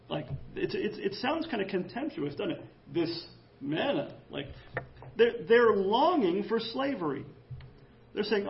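High-voiced pastor guy preaching in church, jokey and animated, a bit gravelly. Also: unhurried, muffled recording, slight background noise. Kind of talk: sermon.

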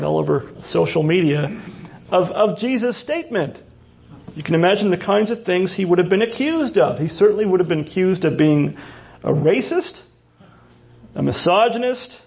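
A man's voice: high-pitched, gravelly. A man preaching a sermon, asking rhetorical questions and often restarting his phrases. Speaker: pastor. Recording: dull lo-fi recording.

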